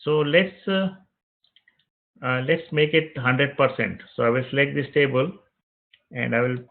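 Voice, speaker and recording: A man teaching web development, narrating each click of a screen-recorded software tutorial step by step and repeating phrases as he goes. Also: medium pitch, steady tone, measured pace, creaky. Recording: tinny phone-like audio.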